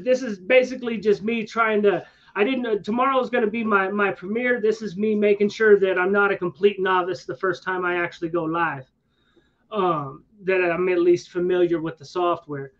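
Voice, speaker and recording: A man with a high voice tells a loose, rambling story in easygoing chat, full of slangy asides and restarts. His voice comes through a dull, lo-fi recording. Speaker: streamer. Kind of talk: casual storytelling to a listener. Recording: dull lo-fi sound.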